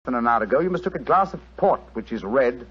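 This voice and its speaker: A cool lecturing detective. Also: male voice, medium pitch, lively intonation. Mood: assured. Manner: crisp, measured, lecturing. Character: brilliant cool-headed male detective. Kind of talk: 1940s radio acting. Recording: dull lo-fi old radio recording.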